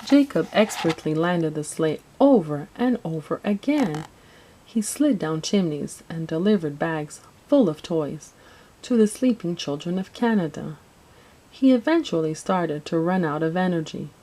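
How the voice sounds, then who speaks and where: Low-voiced woman reading a storybook. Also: lively intonation, a little slow, dark tone, rough recording. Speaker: narrator.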